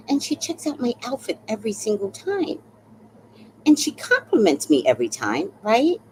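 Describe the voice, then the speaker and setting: Lively sixty-year-old woman telling stories. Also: a little high, normal speed, slight background noise, poor audio. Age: 60s. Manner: animated, laughing storyteller who swears casually. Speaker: livestream host. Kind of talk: casual chat on a live stream.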